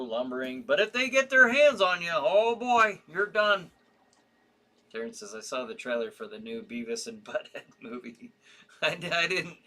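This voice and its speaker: Tired male livestream host, rambling and halting, lively bright voice. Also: a little high. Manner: rambling, halting, with frequent restarts and yawns. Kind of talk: casual live-stream chat reading viewer comments.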